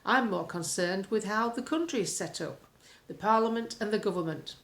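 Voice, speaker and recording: A woman's voice: mid-range voice, normal speed. A woman from the UK, a political commentator, recording a blunt, opinionated vlog monologue at home with colourful sayings. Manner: blunt, colloquial, earthy sayings.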